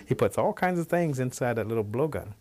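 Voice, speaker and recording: Animated male folk storyteller. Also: brisk. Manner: animated, changing pace and pitch for effect.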